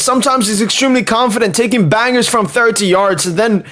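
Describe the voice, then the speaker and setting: A young man hosting a live football watchalong, reacting loudly and swearing at the match. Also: extremely high pitch, brisk, few pauses. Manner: excitable, swears and shouts at the screen.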